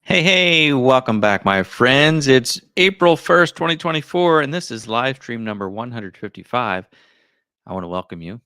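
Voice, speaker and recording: In clean studio sound with no room echo, a middle-aged livestream host rambles through his thoughts in casual live chat, full of asides. His voice is smooth, lowish and fairly bright.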